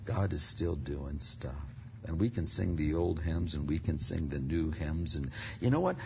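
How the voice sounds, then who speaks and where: An older man from Pennsylvania preaching a sermon as a pastor, talking conversationally and swinging between loud stretches and hushed ones. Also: very deep voice, expressive, normal speed, vocal fry, slight background noise. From Pennsylvania, United States. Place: large church sanctuary. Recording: dull reverberant hall sound.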